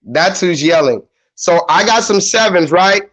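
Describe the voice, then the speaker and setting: A man's voice: high voice, expressive, unhurried, a bit bright, poor audio. A man hosting his own livestream, talking loosely and with swearing straight to his viewers. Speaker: YouTube livestream host. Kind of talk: casual livestream chat.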